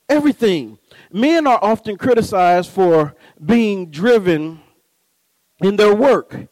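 A middle-aged man preaching with humor, telling stories, mimicking voices and laughing, swinging from low mutters to high shouts. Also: no echo, rough recording. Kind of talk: humorous sermon.

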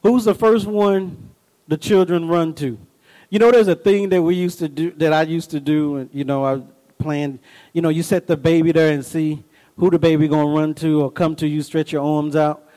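Over a low-quality recording, a high-voiced, middle-aged pastor delivers his sermon at normal speed. Folksy storytelling and call-and-response asides give way to emphatic bursts rising in pitch, and his tone stays lively and personal, aimed directly at the congregation.

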